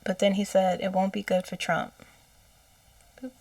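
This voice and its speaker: A woman psychic talking casually about messages she says she channeled, slow and hesitant, often correcting herself and dropping into whispers. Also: medium pitch, little pitch movement, no room sound, recorded from a distance. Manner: slow, hesitant, self-correcting, with soft laughs and whispered asides.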